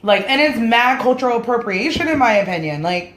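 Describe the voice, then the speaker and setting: A woman's voice: on the high side, expressive, brisk, slight background noise. A woman whose first language is Spanish, ranting her opinions to camera in a blunt, casual way and swearing freely. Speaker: vlogger. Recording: roomy echoey room sound.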